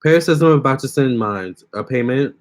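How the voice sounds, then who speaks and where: A man's voice: mid-range voice, expressive, fairly quick. A young man hosting a casual phone livestream, chatting with viewers and reading their comments aloud. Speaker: livestream host.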